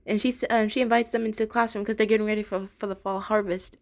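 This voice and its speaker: A woman's voice: mid-range voice, flat delivery, fast talker, gravelly, darkish tone. Giggly chatty young woman reviewing cartoons. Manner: chatty, giggly, many fillers and restarts. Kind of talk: casual spoken review.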